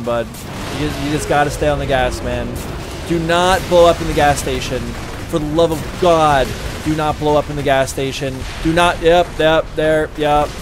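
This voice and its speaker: A man streaming a video game live, ranting and swearing at the game with mounting frustration. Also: a little high. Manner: profane, exasperated ranting and yelling. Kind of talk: live gameplay commentary. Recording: game audio noise behind. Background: game gunfire and vehicles.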